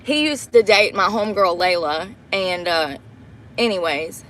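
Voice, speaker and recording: A woman's voice: on the low side, a little slow, a bit bright. A profane woman venting in a truck. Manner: profane, blunt and exasperated. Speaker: vlogger livestreaming a get-ready-with-me. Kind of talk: casual storytelling while doing makeup. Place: inside a parked truck.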